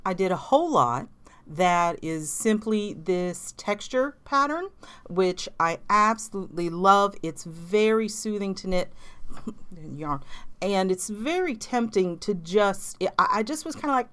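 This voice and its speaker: A woman's voice: medium pitch, animated, measured pace, fairly bright tone. A woman with a Southern accent, a knitting vlogger chatting casually about her projects, rambling with restarts and small laughs. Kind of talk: casual chat.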